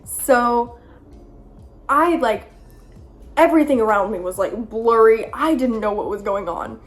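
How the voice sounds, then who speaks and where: A woman's voice: fairly high pitch, measured pace, soft background music. A young woman telling a personal story to the camera in a chatty, earnest way, full of fillers. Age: young adult. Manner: chatty, lots of "like", earnest and self-conscious. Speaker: vlogger. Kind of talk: storytime vlog.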